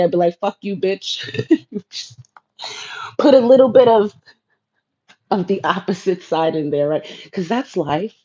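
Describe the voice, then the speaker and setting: A woman's voice: on the low side, dark tone, lo-fi sound. A woman hosting a casual spiritual livestream, laid-back and playful, talking straight to viewers in her chat. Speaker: livestream host.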